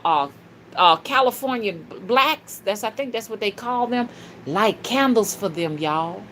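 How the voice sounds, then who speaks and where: A woman's voice: fairly high pitch, slight background noise. Fervent woman preaching on a livestream. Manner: fervent and preachy, with sudden loud shouts; casual and slangy, calls listeners "y'all" and "honey". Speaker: spiritual rootworker hosting a livestream. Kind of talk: livestream talk reading viewer comments.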